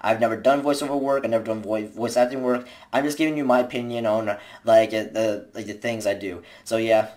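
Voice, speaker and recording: A woman's voice: extremely low pitch, fairly even intonation, a little fast, hardly any pauses, darkish tone. A young woman giving casual, rambling tips to viewers in a home video, with lots of fillers and restarts. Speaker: vlogger.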